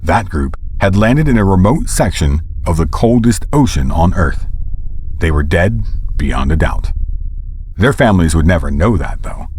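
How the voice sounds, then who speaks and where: A man with a very low voice narrates a scripted audio drama. He reads in a steady, measured way. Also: slight background noise.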